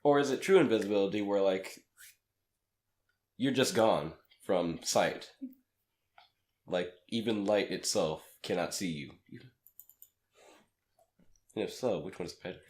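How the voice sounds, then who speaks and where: A man slightly raspy from a cold, rambling through a casual podcast chat as co-host and laughing at his own jokes. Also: low voice, a little slow, long pauses, darkish tone. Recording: echoey room.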